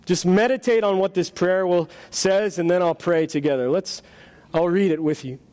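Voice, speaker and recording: Casting: male pastor, high voice, earnest and dramatic sermon delivery. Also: normal speed, a little mellow. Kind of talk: sermon with storytelling. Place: church sanctuary.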